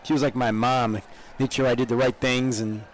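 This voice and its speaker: A man's voice: medium pitch, little pitch movement, normal speed, a little hiss or hum, rough recording. An older man from upstate New York, co-hosting live parade coverage outdoors, chatty and rambling, with frequent laughs. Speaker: parade co-host.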